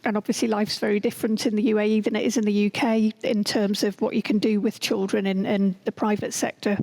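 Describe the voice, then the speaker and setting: A woman's voice: medium pitch, level tone, fast talker, gravelly, darkish tone, poor audio. A middle-aged woman, a school principal being interviewed, telling anecdotes in an earnest way. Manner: earnest, acts out quoted dialogue. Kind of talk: podcast interview, anecdotal storytelling.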